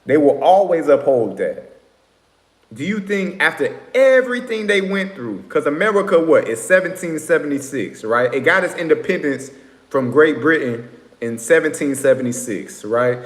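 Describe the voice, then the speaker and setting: A man's voice: fairly high pitch, expressive, normal speed. A man talking straight to viewers in a rambling, lecturing way, often checking in with "right?" and "you know what I'm saying". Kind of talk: casual monologue to viewers. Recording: echoey room with long reverb.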